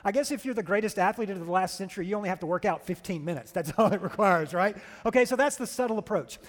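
A pastor preaching a sermon, telling stories with animated energy and checking in with "right?". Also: male voice, sits high, long reverb tail. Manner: animated storytelling, keeps asking "right?".

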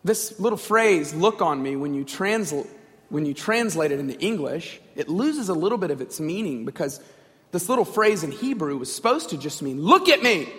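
A man's voice: fairly high pitch, animated, moderate pace. A man preaching a sermon in a direct, conversational way, often asking the audience questions. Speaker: pastor. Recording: long reverb in a large hall.

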